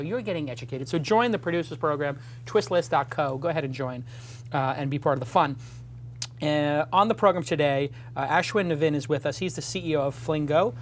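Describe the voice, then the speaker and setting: A man's voice: fairly high pitch, quick pace, a little hiss or hum. A man hosting a casual studio talk show, chatty and rambling, with jokey self-deprecating asides.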